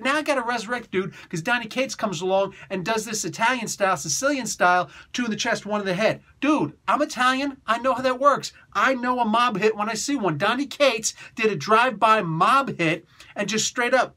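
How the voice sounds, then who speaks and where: Male comic reviewer, high-pitched and bright, excitable, slangy, laughing throughout. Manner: excitable, laughing, slangy, does quick voices. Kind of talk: animated comic review rant.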